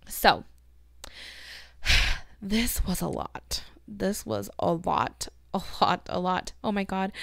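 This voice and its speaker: A woman's voice: on the low side, vocal fry, a bit bright, smooth, dry recording. A woman hosting an emotional self-help chat, gushing and close to tears, swearing casually as she leads affirmations. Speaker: podcast host.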